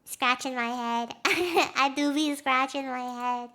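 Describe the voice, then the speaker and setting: A young woman streams live with her audience in a casual, chatty way, giggling often and reacting strongly. Her voice sits high and bright. She speaks slowly and lets her words drawl out. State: has a headache.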